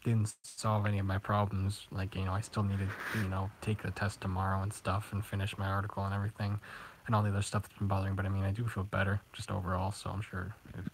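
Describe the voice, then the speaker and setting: In a low, monotone voice over a noisy background, a teenage boy talks fast on his live stream. He reads viewer comments and chats casually, rambling with plenty of giggles.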